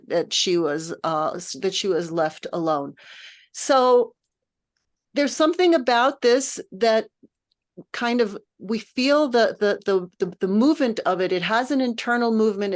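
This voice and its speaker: A woman music director leading a text study, lecturing informally in a thoughtful, patient way while she searches for her words. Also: medium pitch.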